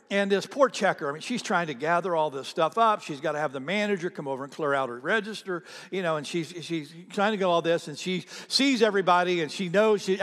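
A man's voice: a little high, a bit bright, long reverb tail. A man preaching a sermon as a pastor, telling a story conversationally and repeating phrases for emphasis.

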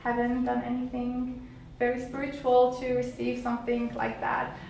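A woman's voice: on the high side, monotone, normal speed, creaky, darkish tone, slight background noise. Young woman, echoey room from far off. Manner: rambling, many fillers and restarts. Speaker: testimony speaker. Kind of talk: personal testimony.

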